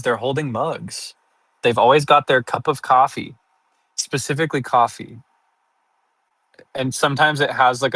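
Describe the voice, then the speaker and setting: A man's voice: medium pitch, a bit bright, no echo. A young man streaming live, rambling casually and laughing at his own jokes. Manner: rambling and self-amused, laughing often. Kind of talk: casual livestream chat.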